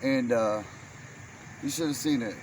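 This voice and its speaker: Speaking at a measured pace in a mid-range voice, a man rambles through funny family stories, chuckling at his own tales. It's a casual storytelling monologue with a noisy background.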